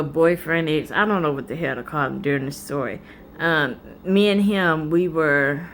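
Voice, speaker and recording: A woman vlogger telling a personal story in a candid, animated, colloquial way. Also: low-pitched, slight background noise.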